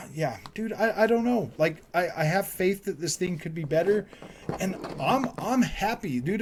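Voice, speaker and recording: A man's voice: high voice, darkish tone. Exasperated man ranting to his viewers. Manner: exasperated, repeats himself, says man and dude a lot. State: frustrated. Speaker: gaming and tech YouTuber. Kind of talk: frustrated casual rant to viewers.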